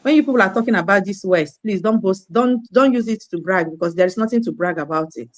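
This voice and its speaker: A woman's voice: medium pitch, animated, fast talker, no echo. A woman ranting in a scolding, preachy monologue, repeating her phrases. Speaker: online commentator.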